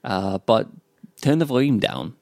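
A man's voice: mid-range voice, big pitch swings, measured pace, creaky, dark tone, clean studio sound. A man co-hosting a language lesson as the learner, checking meanings and echoing phrases back. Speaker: learner and co-host. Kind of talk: bilingual language lesson chat.

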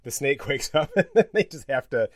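A man of middle pitch talks casually on a film podcast, animatedly walking through scenes. His voice is recorded dry and close, with no room around it. He chuckles between points as he goes. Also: animated, a little fast, dry recording. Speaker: podcast co-host.

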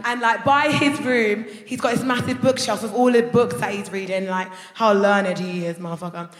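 A young woman performing a loud, brash stand-up comedy routine on a theatre stage, breaking into shouts as she tells her story. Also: mid-range voice, fairly even intonation, normal speed. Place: theatre stage before a live audience. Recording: echoey hall with loud audience laughter.

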